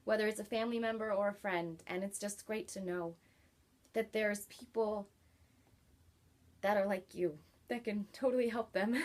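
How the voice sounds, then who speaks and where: A woman chatting casually in a book review vlog, warm and enthusiastic, with many likes and ums. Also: mid-range voice, steady tone, moderate pace.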